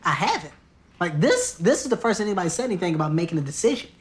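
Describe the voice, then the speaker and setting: A man's voice: sits high, sing-song, rapid-fire, a little hiss or hum. An actor in his twenties playing an indecisive young boyfriend who stammers and hesitates nervously in a sitcom. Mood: flustered. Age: 20s. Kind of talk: sitcom acting.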